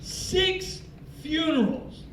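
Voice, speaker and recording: A man giving an animated motivational speech, telling a story and acting out its dialogue. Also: extremely high pitch, drawn-out words, reverberant, recorded from a distance, slight background noise, rough recording. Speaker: military speaker.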